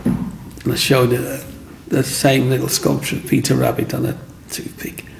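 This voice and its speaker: A man's voice: mid-range voice, completely flat delivery, normal speed, creaky. A middle-aged man, telling his own story in an interview and acting out what other people said.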